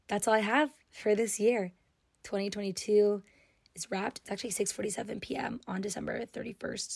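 A woman's voice: medium pitch, vocal fry, dry recording. Gushing young woman podcast host, dry sound. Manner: warm, gushing and affirming. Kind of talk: solo podcast talk.

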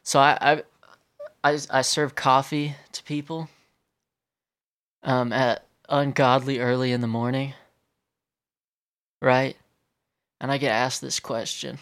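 A man's voice: medium pitch, flat delivery, takes it slowly, long pauses, a bit bright, dry recording, clean studio sound. A man hosting his own podcast, ranting in a crude, exasperated way and swearing constantly. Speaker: podcast host. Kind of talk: profane comedic rant.

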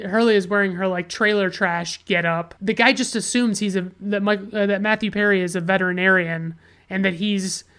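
A woman's voice: medium pitch, a bit bright, smooth. A woman casually reviewing a movie, sarcastic and profane, often restarting her sentences.

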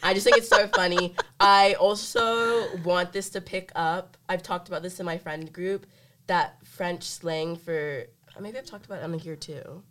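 A woman's voice: fairly low pitch, steady tone, a little slow, fairly bright tone. A young woman co-hosting a podcast in casual chat, playful and talkative, with lots of "like" fillers. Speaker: podcast co-host.

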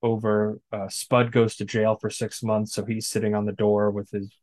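A man's voice: on the low side, flat delivery, moderate pace, a little mellow, no echo. A man co-hosting a podcast, recapping a film in casual chat, blunt and profane. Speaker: podcast co-host. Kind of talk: casual movie discussion.

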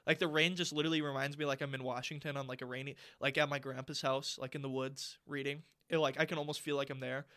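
A man's voice: mid-range voice, flat delivery, quick pace, few pauses, sharp tone. A young man co-hosting a casual podcast chat, ranting and swearing freely with lots of fillers. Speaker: podcast co-host.

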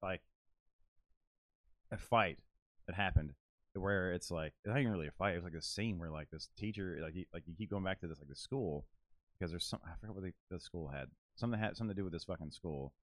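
Casual male podcaster, low voice, dry close mic, rambling and profane. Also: fast talker, no room sound. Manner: rambling, filler-heavy, profane storytelling. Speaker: podcast co-host.

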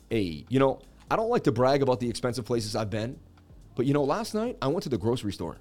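A man's voice: medium pitch, very animated, brisk, pauses often, faint music behind. A man hosting a casual livestream, joking and chatting while he reads viewer comments and walks through charts. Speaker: crypto livestream host.

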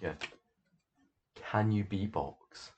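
Man, low voice, deadpan, casual podcast chat, dull recording. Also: very slow, slight background noise. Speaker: podcast co-host. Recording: dull lo-fi sound.

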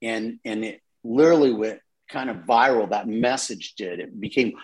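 A man's voice: lowish voice, moderate pace, a little mellow, rough recording. A middle-aged man, a pastor, telling a personal testimony in an interview, earnest and with frequent repeated words. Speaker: associate pastor.

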